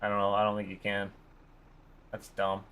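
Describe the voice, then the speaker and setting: Bright-voiced chatty male game streamer. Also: lowish voice, monotone, normal speed, clear, resonant tone. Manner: chatty, joking, reads chat aloud. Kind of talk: casual live-stream chat.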